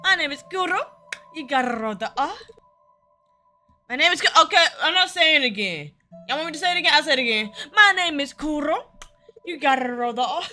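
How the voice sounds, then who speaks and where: A woman's voice: sits high, animated, quick pace, sharp tone, faint music behind. A young woman playing a visual novel with commentary, playful and teasing, laughing often and throwing in slangy asides. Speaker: gaming content creator.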